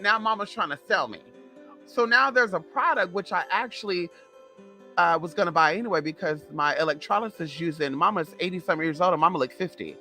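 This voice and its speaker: A woman in her thirties telling a sassy, profane storytime in casual vlog chat, animated and gossipy. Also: medium pitch, fairly quick, faint music behind. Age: 30s. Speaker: vlogger.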